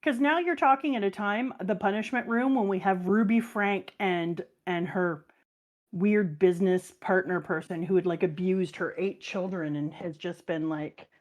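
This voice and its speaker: Animated, laughing woman chatting on stream. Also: medium pitch, moderate pace. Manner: animated storyteller, laughs often. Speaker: stream guest and mother. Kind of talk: casual chat.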